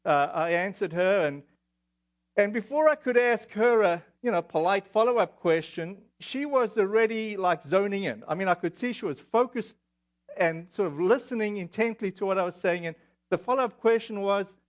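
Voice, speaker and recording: At normal speed and in an animated voice that sits high, a man from South Africa preaches with a South African accent, sharing personal stories in his sermon. He comes across as chatty and self-deprecating, using many fillers, though the audio is dull and lo-fi.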